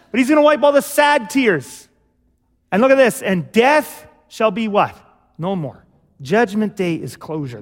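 High-voiced animated preacher in a hall. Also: male voice. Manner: animated, conversational preaching with acted asides. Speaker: pastor. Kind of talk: sermon. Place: church sanctuary.

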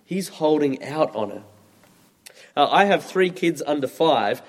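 A man in his thirties preaching a sermon, conversational and expressive. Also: a little high, unhurried. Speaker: pastor. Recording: long reverb from a large hall.

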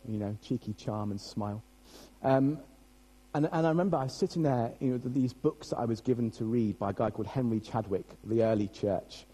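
A man's voice: medium pitch, warm tone, slightly rough, poor audio. A young British man preaching a sermon as pastor, chatty and self-deprecating, joking with his congregation.

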